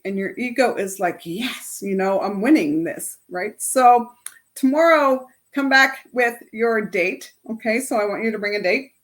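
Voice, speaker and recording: A woman's voice: on the high side, fairly bright tone. A middle-aged woman life coach leading a self-help workshop in a casual, chatty way, often ending her points with "right?". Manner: chatty, tags lines with "right?". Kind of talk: casual workshop talk to a group.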